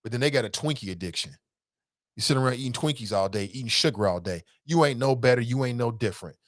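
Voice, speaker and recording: Picture a man talking into a close mic, his voice dry with no room around it, as he hosts a casual call-in talk show. His pitch sits in a middle range. He reads listener comments aloud and answers them in a blunt, animated way, swearing freely. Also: fast talker, no room sound.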